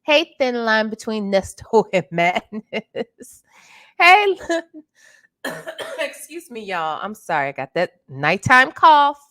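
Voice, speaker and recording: A slightly hoarse woman hosting a casual late-night livestream, chatty and greeting viewers by name, calling them honey. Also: a little high, sing-song, slow pace, pauses often, bright, forceful tone. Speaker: livestream host.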